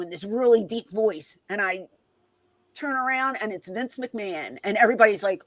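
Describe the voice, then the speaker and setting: Animated woman telling stories in an interview. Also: fairly high pitch, moderate pace, no echo, rough recording. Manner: animated, reenacts conversations with quoted voices. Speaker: guest, former wrestling personality. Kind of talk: casual storytelling in an interview.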